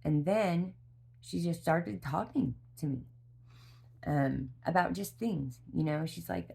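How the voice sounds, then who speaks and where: A woman's voice: fairly low pitch, normal speed, creaky, a little mellow, husky. A worn-out woman, a mother, telling a personal story in a candid vlog. She rambles in a heartfelt way, with restarts and fillers. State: exhausted. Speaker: mother sharing a parenting story.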